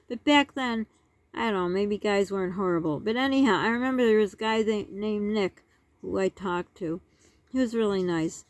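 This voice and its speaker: A woman's voice: medium pitch, darkish tone, dry recording. A woman in her sixties telling a childhood story in a rambling vlog, with many asides and restarts. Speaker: vlogger.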